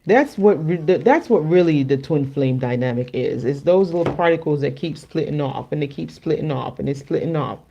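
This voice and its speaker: Caribbean lady reading cards on a stream, low voice, chatty and playful. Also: lively intonation, normal speed, creaky, few pauses, warm tone, muffled recording, slight background noise. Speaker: co-host and card reader. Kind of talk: casual livestream chat.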